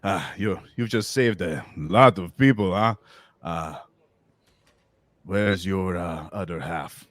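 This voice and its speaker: A man's voice: low-pitched, slow, dry recording. A man voicing a big walrus-man bounty hunter who talks in a cheery, offhand way, polite while he threatens. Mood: cheery menace. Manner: cheery, offhand, with many ums and uhs.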